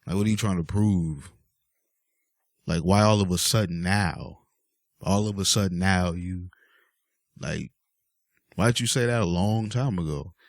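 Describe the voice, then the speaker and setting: Low-voiced man ranting casually. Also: unhurried, pauses often, dry recording, studio quality. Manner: exasperated, rambling with many fillers. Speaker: vlogger. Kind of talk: casual rant to camera.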